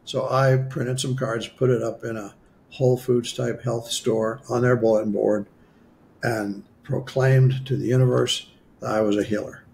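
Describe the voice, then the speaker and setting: Gravelly man telling a story. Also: medium pitch, normal speed, slight background noise. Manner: animated, acts out quoted dialogue, self-mocking humor. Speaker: guest healer. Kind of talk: storytelling in a podcast interview.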